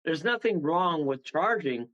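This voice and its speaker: A man tells long, meandering stories as a radio show guest, chuckling often as he goes. His voice sits somewhat high for a man. The audio is dull and lo-fi, like a call-in feed. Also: expressive, a little slow, a bit bright. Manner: rambling, chuckling storyteller. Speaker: medium and guest. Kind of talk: casual radio interview chat.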